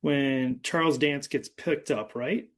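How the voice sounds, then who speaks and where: Rambling podcast host recapping a film. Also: male voice, medium pitch, slow pace. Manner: rambling, filler-heavy recap with laughs. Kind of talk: casual movie discussion.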